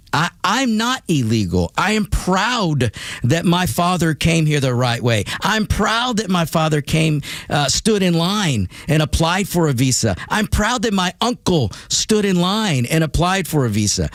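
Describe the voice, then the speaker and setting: Male talk radio host, animated and fast-swinging in pitch, stammering restarts, dry studio mic. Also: no room sound. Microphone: studio microphone.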